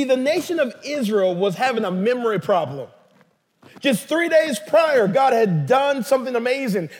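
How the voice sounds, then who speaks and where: High-voiced man preaching in a reverberant hall. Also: breathy edge. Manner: conversational, emphatic preaching. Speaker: pastor. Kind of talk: sermon.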